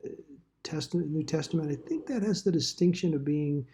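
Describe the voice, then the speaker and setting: A man's voice: a little high, a little fast, mellow. A man teaching a Bible study class in a casual, rambling way, with dry asides.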